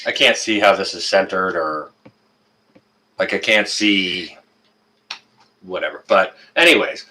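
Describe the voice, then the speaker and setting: A man's voice: fairly low pitch, unhurried, long pauses, pushed and bright. A man with a Canadian accent hosting a casual live-stream chat on a webcam and greeting viewers one by one by name. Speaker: livestream host.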